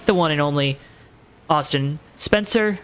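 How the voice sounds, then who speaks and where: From a commentary booth, a man hosts a live sim racing broadcast, chatting playfully and speaking directly to viewers as he calls the race. His voice sits a little high, with a fairly bright tone and an unhurried delivery. There's a faint hiss or hum in the audio.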